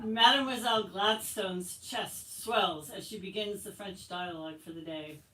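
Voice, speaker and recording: A woman author reading her novel aloud at a bookstore event, expressive and light. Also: medium pitch, measured pace, few pauses, slight background noise. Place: bookstore, indoors. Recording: echoey room from far off, faint ambience.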